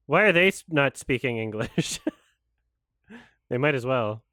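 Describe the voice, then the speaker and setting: A man's voice: mid-range voice, lively intonation, unhurried, pushed and bright, no echo, studio quality. A man giving casual, sarcastic commentary while watching a film live, swearing often. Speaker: host reacting to a film.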